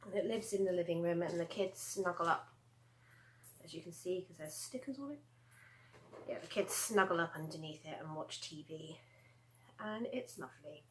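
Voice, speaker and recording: A woman's voice: on the low side, normal speed, pauses often, slight background noise, low-quality recording. A woman in her thirties chatting casually at home as she shows off her handmade crochet pieces, rambling with asides and laughs. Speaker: crochet vlogger. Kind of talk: casual show-and-tell chat.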